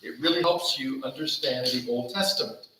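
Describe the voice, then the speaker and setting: A man's voice: medium pitch, normal speed, very echoey, noisy background. A man pastor giving a conversational Bible study sermon, acting out quoted dialogue with animation. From Taiwan. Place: church hall.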